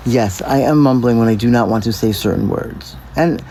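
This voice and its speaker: A man's voice: medium pitch, normal speed, creaky, dark tone, slight background noise, low-quality recording. A man chatting casually on a livestream, rambling and swearing, his speech mumbly from a missing front tooth. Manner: rambling and profane, talking to viewers.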